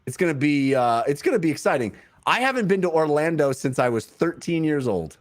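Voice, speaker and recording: A man's voice: on the high side, brisk. A man co-hosting a casual sports chat show, bantering and hyping up the next segments. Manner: animated, bantering, hypes up segments. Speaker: co-host.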